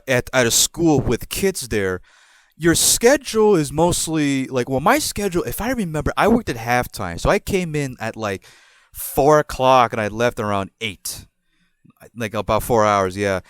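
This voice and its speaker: A man's voice: mid-range voice, animated, measured pace, clear, resonant tone, dry recording. A man in his twenties hosting a podcast, telling a personal story casually, rambling with repeated words and laughing at himself. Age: 20s. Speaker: podcast host.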